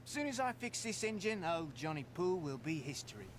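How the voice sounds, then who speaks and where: A wary Australian man on the run in a video game, guarded and casual with slang. His voice sits a little high for a man, with a clear hiss of noise behind it. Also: very animated, a little fast. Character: shifty Australian man posing as Jamaican. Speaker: game character.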